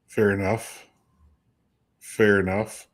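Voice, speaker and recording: Lower-voiced chatty male host. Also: flat delivery, slow pace. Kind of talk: casual chat.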